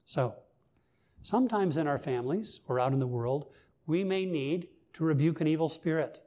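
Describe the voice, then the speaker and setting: A man's voice: a little high, normal speed, mellow. A male pastor giving a sermon in an earnest, emphatic way, lifting his voice on key points. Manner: earnest, emphatic preaching with rising stresses.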